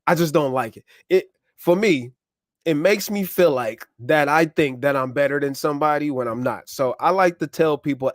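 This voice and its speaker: Guy rambling on his live stream, shouting out viewers, dry close clip mic sound. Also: fairly high pitch, animated, normal speed, dry recording. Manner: loose, chatty, shouting out viewers. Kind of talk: casual live stream chat. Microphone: wireless clip-on mic.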